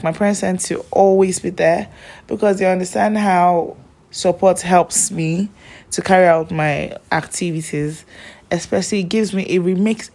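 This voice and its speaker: A woman's voice: lowish voice, a little mellow. A young woman, chatting casually and telling personal stories, rambling with lots of fillers. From Nigeria.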